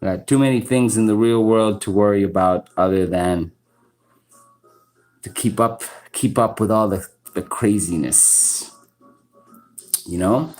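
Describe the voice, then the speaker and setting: A man in his thirties tells rambling stories on a casual live stream. His voice sits a little low, and he talks unhurriedly. He keeps restarting his sentences and checking in with "right?" and "you know?". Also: a little mellow, low-quality recording. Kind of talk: casual storytelling monologue. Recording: informal live stream audio.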